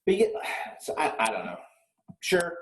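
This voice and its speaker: A man in casual chat, sarcastic and foul-mouthed as he rants about rock stars. His voice sits at a middle pitch and rings in a roomy, echoey space. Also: very animated, moderate pace. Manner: profane, ranting and sarcastic. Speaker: podcast co-host.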